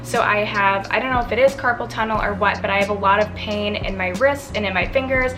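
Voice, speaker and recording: A young woman with a Midwestern American accent, talking casually to camera in a rambling, chatty way that restarts mid-thought. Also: mid-range voice. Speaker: beauty vlogger. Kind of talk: casual vlog talk to camera.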